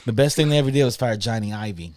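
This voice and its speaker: A man's voice: medium pitch, fast talker, darkish tone, no room sound. Opinionated male guest, casual rant, dry close sound. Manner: opinionated, emphatic ranting. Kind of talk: casual chat.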